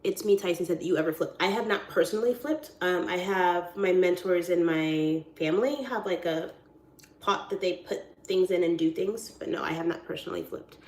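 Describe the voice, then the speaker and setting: A woman's voice: fairly low pitch, normal speed, darkish tone. A woman realtor chatting casually on a live stream, goofy and rambling in a silly, friendly way. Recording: roomy echoey sound.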